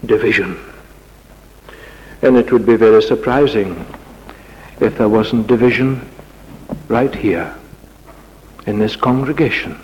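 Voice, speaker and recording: A man preaching a sermon in a church, with dramatic rising questions and sudden quiet passages. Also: on the low side, slow pace, long pauses, big-room sound, lo-fi sound, a little hiss or hum.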